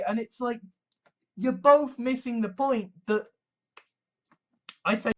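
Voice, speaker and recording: In this compilation of ranting monologues, a man with an extremely high, fairly bright voice talks slowly with frequent pauses. His commentary is indignant, sarcastic, and profane, and he keeps repeating himself and tripping over his words.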